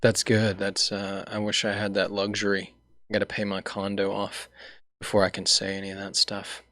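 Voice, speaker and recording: A young man from Alabama hosts a relaxed chat in a Southern accent, his low voice gravelly and creaky. He tells stories animatedly and acts out the people he quotes. The sound is dry and close, with no room echo. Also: moderate pace. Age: young adult. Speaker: podcast host. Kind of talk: casual interview chat.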